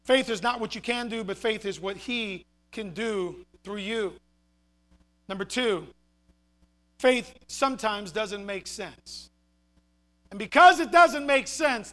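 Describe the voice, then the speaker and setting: A man with a very high voice preaching a sermon. He moves between fiery shouted points and soft, hushed asides, punching key phrases with repetition. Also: measured pace. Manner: animated, shouting for emphasis, then dropping quiet.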